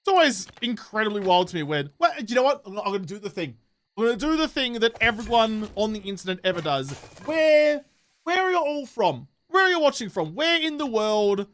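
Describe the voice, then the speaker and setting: A man's voice: high-pitched, sing-song, fairly quick, a bit bright. A man with an Australian accent, chatting casually and jokily with his live-stream audience as he plays a game, rambling and throwing in slang and the odd swear.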